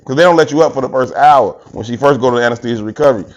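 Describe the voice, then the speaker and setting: A man's voice: medium pitch, racing, hardly any pauses, muffled recording. A tired man co-hosting a podcast, telling a story in casual chat and acting out quotes. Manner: animated, acts out quotes, laughs often. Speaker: podcast co-host.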